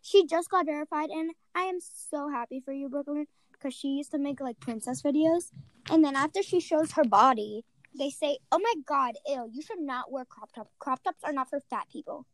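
A young woman hosting a casual chat over a call, excitable and gushing. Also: sits high, moderate pace, no room sound. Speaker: host.

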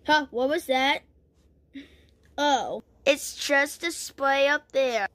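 A woman's voice: high-pitched, slow, a bit bright. A woman narrating an improvised toy play, playful and full of exclamations as she voices the toys.

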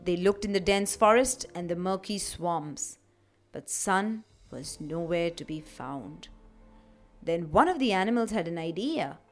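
A woman tells a children's legend for a kids' radio show, her narration expressive and lively. Soft music runs faintly beneath her voice. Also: fairly low pitch, unhurried. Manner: expressive, warmly animated storytelling.

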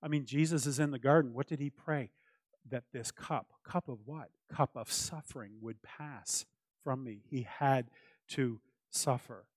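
A man delivers a sermon as a pastor, earnest and emphatic, circling back to his key phrases. His voice sits in an ordinary middle pitch. The sound is close and dry, with little room in it. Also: unhurried, no room sound.

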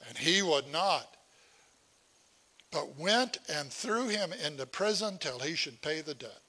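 A middle-aged man preaches with a bright, forward tone and a slightly raised pitch. He takes his time, unhurried and folksy, talking to the congregation as if in conversation. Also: animated. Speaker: pastor. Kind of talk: sermon.

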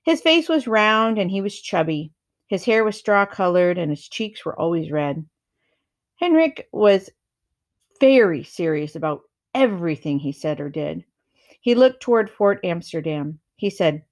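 Woman reader, lowish voice, calm and measured, reading a novel aloud.

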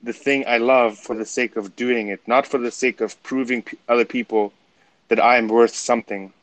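A man's voice: medium pitch, steady tone, fairly bright tone, no room sound, low-quality recording. Reflective German-accented man. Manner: reflective, halting, searches for words. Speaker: podcast co-host. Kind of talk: casual chat.

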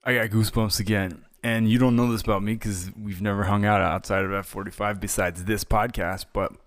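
A man hosting a podcast, responding in an earnest, reflective way with frequent "uh" and "um" pauses. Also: on the low side, steady tone, dry recording, clean studio sound. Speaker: podcast host. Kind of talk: podcast conversation.

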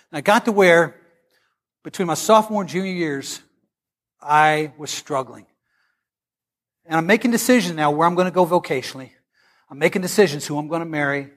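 High-voiced preacher man. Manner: animated, humorous, swings between loud and hushed. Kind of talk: storytelling sermon.

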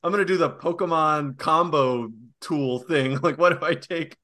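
A young man co-hosting a casual podcast, animated and profane, laughing often and mimicking voices. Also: a little high, normal speed. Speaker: podcast co-host.

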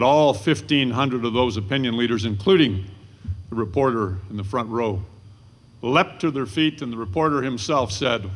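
An older man giving a storytelling history lecture to an audience, dramatic and swelling at the high points. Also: a bit bright.

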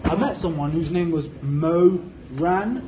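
A man's voice: on the high side, noisy background. A young man joking around in a casual chat among friends. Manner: joking, quick bursts.

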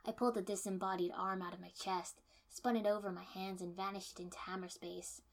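A woman reading a first-person fiction story aloud in steady storytelling, dipping to soft menace. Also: medium pitch, a little fast. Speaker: narrator.

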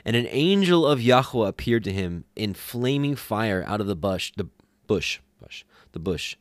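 Low-voiced man reading scripture aloud. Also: moderate pace, no room sound. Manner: steady reading with small self-corrections. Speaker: scripture reader.

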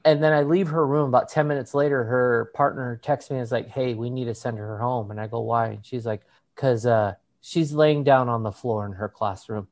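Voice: medium pitch, steady tone, brisk, darkish tone. A podcast co-host telling a story in casual chat, swearing freely, laughing often and mimicking other people's voices.

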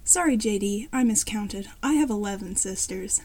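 A woman's voice: medium pitch, normal speed, a little mellow, lightly acted. A woman doing a chatty cheerful boy. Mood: apologetic. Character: cheerful boy, brother of many sisters.

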